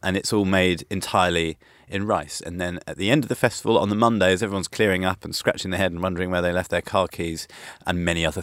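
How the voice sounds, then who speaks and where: British male travel-writer guest, deep-pitched, talks in eager loops with false starts, dry studio sound. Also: a bit bright, no echo. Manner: rambling, enthusiastic, many restarts. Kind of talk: radio interview.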